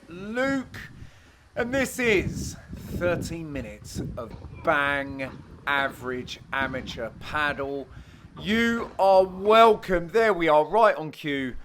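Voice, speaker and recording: A young man, the host, giving cheeky, self-mocking voice-over commentary on highlights of his own amateur match. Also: a bit bright, slight background noise. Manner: cheeky, self-mocking banter with frequent laughs.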